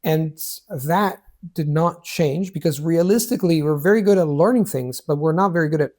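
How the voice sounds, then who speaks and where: A man, a language coach, talking in casual conversation, animated and restarting his words often while he acts out quoted speech. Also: a little high, normal speed. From Italy.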